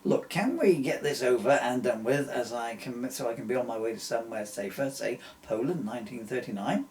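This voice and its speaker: A man's voice: mid-range voice, a little fast, a little mellow, close to an everyday voice. A man voicing Eric, an eager time-travelling historian, in a comic story. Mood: earnest.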